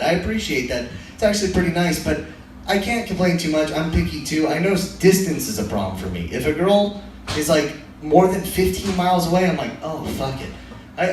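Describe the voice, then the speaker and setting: A young man doing a casual, profane, self-deprecating stand-up set in a small comedy room. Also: high-pitched. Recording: very echoey room, voice from far off, faint noise.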